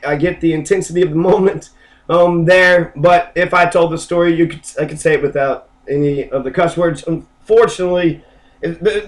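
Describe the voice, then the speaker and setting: Rambling, profane man with flu. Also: high voice. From Kentucky. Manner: rambling, profane, stop-start. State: sick with the flu. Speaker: political video blogger. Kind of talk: casual rambling monologue.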